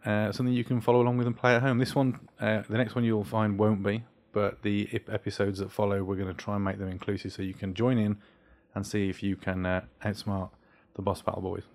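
Middle-aged guy running a podcast, low voice, jokey and upbeat. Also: flat delivery, fast, few pauses, darkish tone. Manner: upbeat, jokey, directs the conversation. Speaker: podcast host. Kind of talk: casual chat, leading the show.

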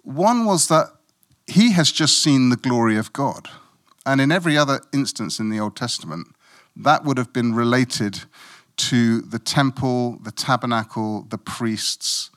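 A man's voice: mid-range voice, expressive, measured pace, fairly bright tone. A middle-aged man from Africa preaching a sermon in a conversational, self-mocking way, with playful asides.

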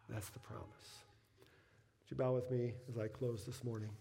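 A middle-aged man, a pastor preaching a sermon, telling a personal story that builds to emphatic peaks and falls back to soft, quiet lines. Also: medium pitch, little pitch movement, moderate pace, gravelly, pauses often.

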